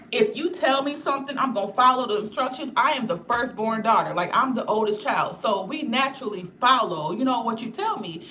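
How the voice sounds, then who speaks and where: A woman's voice: a little high, bright, forceful tone, slight background noise. A young woman hosting a casual live stream, talking straight to her viewers in a candid, rambling way and swearing freely. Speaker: channel host reading live chat.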